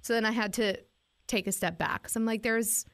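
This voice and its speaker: Woman radio host, slightly high voice, lively storyteller, casual chat. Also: a little fast. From Northeast Wisconsin. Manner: animated storytelling with acted-out quotes.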